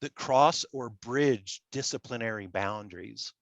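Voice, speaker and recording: A man's voice: mid-range voice, vocal fry, no room sound. Nasal Midwestern man lecturing. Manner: halting, repeats words, self-deprecating. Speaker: public relations scholar. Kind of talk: academic lecture with slides.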